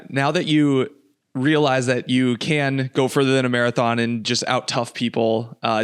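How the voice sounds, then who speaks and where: Smooth-voiced man, podcast co-host, flat measured delivery. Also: mid-range voice, no echo, clean studio sound. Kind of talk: casual interview.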